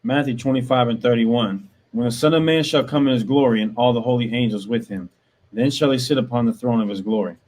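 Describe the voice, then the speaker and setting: A man reading Bible verses aloud in a class, steady and measured. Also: mid-range voice, low-quality recording. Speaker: student reading scripture aloud.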